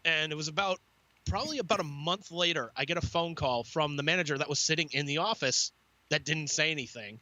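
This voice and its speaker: A podcast co-host with a slightly high voice talks a little fast over a dry recording. He tells a casual, profane story with animated energy, swearing and acting out the voices of the people involved.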